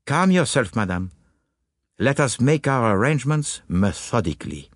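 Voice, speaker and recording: A man's voice: mid-range voice, very animated, moderate pace, no echo, clean studio sound, voice pushed up. A man playing a fussy, methodical old detective. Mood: probing. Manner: precise, formal. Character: fastidious, methodical older male detective.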